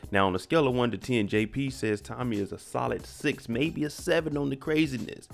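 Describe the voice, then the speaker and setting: A man's voice: medium pitch, animated, normal speed, gravelly, hardly any pauses. A man recapping a TV episode in a slangy, conversational way, talking straight to his viewers.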